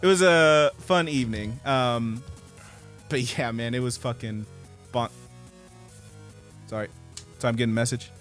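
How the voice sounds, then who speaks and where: A man's voice: medium pitch, measured pace, long pauses, soft background music. A man co-hosting a podcast, telling a story in casual chat, swearing and acting out the people he quotes. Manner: animated storyteller, swears, acts out quoted voices. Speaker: podcast co-host.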